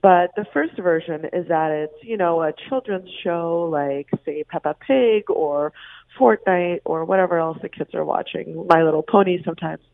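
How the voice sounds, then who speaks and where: Lady journalist calling in, kinda low voice, tinny phone sound, explains calmly with ums. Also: moderate pace, gravelly. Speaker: journalist guest. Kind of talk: phone interview. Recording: phone line.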